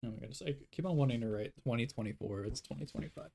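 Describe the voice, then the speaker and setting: A man's voice: mid-range voice, rapid-fire, gravelly, warm tone, breathy edge. A young man chatting casually while he draws on a stream, rambling and self-deprecating, with lots of fillers. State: yawning, tired. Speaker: art streamer. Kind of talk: casual drawing livestream chat.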